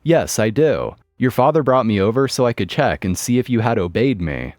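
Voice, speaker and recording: A man's voice: medium pitch, big pitch swings, normal speed, darkish tone, no echo, studio quality, natural voice. A man reading the lines of a bossy, entitled middle-aged mother in a domineering, indignant way.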